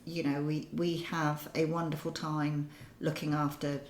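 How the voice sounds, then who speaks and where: An older woman co-hosting a podcast, chatting in a lively, thoughtful way with pauses. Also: low-pitched, roomy sound, slight background noise, rough recording. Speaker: podcast co-host. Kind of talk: casual chat. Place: kitchen.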